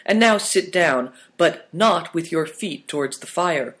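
A man's voice: on the high side, animated, unhurried, fairly bright tone. A man doing a courteous, learned guide. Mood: instructive. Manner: instructive, courteous.

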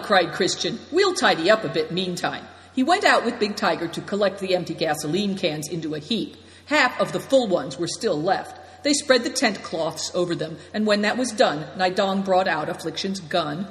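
A woman reads a story aloud in a steady, descriptive narration. Her voice sits a little low, and a long reverb hangs after each phrase as in a big hall. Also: normal speed, hardly any pauses. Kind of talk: audiobook narration.

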